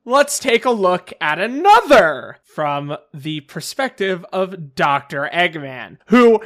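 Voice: medium pitch, very animated, slow. A podcast co-host casually recapping a comic story with wry comments.

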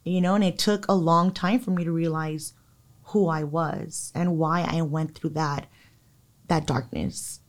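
A young adult woman, a podcast guest, telling an emotional personal story in a lively way with many fillers. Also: deep voice. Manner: animated, quickens and slows, many fillers. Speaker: podcast guest, psychic medium.

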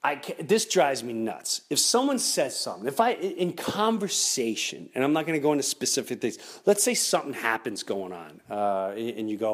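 A man's voice: medium pitch, sing-song, normal speed, few pauses. A middle-aged man hosting a podcast, ranting comedically and mimicking other people in raised voices. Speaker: podcast host. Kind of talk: animated comedic rant.

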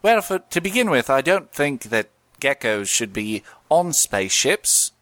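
A man voicing a male insurance gecko mascot as a joking, salesy pitchman, on a bright, dry podcast mic. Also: big pitch swings, a little slow, dry recording.

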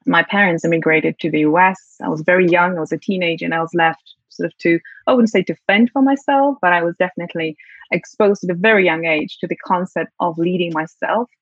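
A woman's voice: fairly low pitch, fairly quick, dry recording, lo-fi sound. A woman from Poland with a British accent touched by her Polish mother tongue, a guest speaking reflectively with many fillers. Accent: Polish-tinged British English. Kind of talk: interview conversation.

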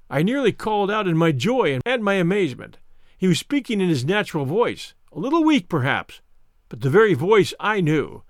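A man reading a story aloud in a measured storytelling manner. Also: a little high, sing-song, vocal fry, no room sound, studio quality. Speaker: narrator. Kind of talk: scripted story narration.

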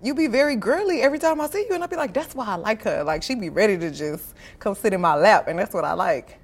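A woman's voice: mid-range voice, animated, fast. A woman from Houston with a Southern US accent, a guest chatting playfully and confidently, often giggling. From Houston, Texas. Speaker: guest rapper. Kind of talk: casual interview chat.

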